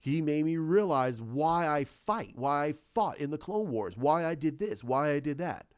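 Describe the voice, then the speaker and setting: A man's voice: fairly high pitch, animated, unhurried, clear, resonant tone. A man voicing a remorseful older male Jedi ghost in his own plain voice, speaking earnestly on a dull lo-fi recording.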